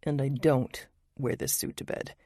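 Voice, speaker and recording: Lady reading a laid-back flirty guy, low and slow, dry close sound. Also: fairly even intonation, warm tone, no echo. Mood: wry.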